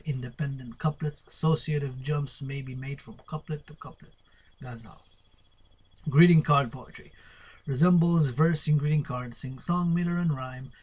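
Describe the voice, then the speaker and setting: Husky guy reading poetry terms out loud, spells them letter by letter, kinda playful, trails off quiet. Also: mid-range voice. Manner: playful, spells words letter by letter, drifts to murmurs. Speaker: poet reading a poetry glossary. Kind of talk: solo spoken-word poetry lesson.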